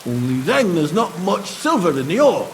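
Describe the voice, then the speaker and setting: A cheerful miner, easygoing and full of slang. His voice is high and lively, with much rise and fall. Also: moderate pace. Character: chatty, cheerful male miner, middle-aged.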